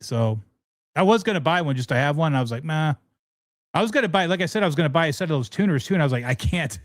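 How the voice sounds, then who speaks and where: A man's voice: a little high, lively intonation, fast, no room sound. A middle-aged man hosting a casual guitar livestream, talking frankly and rambling, with lots of restarts. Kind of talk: casual livestream chat answering viewers.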